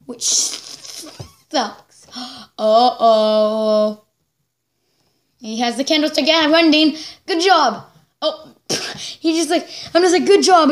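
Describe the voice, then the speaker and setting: A woman hosting a reaction video, giving excitable live commentary, exclaiming and laughing along as she watches. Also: high-pitched.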